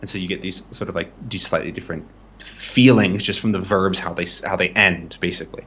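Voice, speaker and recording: A man with a lowish voice teaches in a relaxed, rambling way, often tossing in "right?" to check that his listener follows. The sound is muffled and lo-fi, like stream audio. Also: brisk. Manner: explains loosely, checks in with frequent "right?". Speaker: language tutor. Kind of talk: casual live-streamed lesson.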